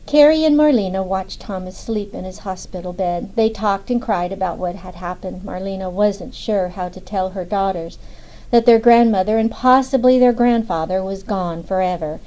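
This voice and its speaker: A woman narrating an audiobook in a steady, measured reading. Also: medium pitch, low-quality recording.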